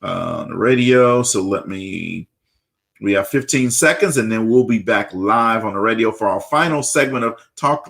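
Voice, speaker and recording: A man's voice: lowish voice, moderate pace, gravelly, fairly bright tone. A man from Louisiana hosting a live radio talk show, upbeat, often stammering and repeating words.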